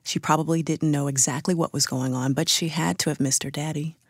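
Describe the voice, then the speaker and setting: A woman interviewer asking gentle, attentive questions. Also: deep voice, steady tone, fairly quick, no room sound, studio quality.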